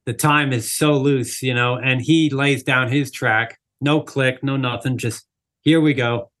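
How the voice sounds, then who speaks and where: A man with a mid-range voice speaks at a measured pace, a drummer guesting on an interview. He tells a casual story packed with "like" and "you know," animatedly acting out the people he quotes.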